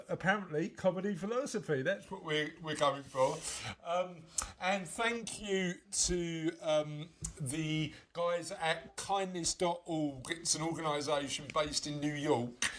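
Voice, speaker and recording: A man's voice: a little high, slow pace, a bit bright, a little hiss or hum. A man co-hosting a podcast in casual chat, rambling and teasing with many restarts. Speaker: podcast co-host.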